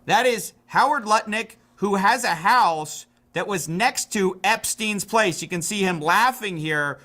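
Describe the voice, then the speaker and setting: A man with a high, bright, forceful voice talks through a political livestream. He explains in an indignant, sarcastic way, pressing each point. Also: unhurried. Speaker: political commentary streamer.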